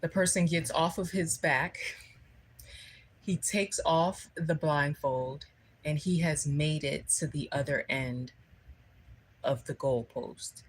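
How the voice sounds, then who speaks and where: Woman, low and unhurried, conversational spiritual livestream speaker. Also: steady tone, slightly rough, poor audio. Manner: conversational storytelling, keeps checking in with "okay?".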